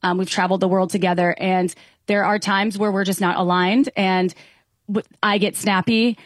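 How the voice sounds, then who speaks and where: A woman's voice: mid-range voice, steady tone, moderate pace, dry recording, studio quality. A woman guest on a talk show speaking earnestly and reflectively about relationships, often restarting her sentences. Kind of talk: casual talk show conversation.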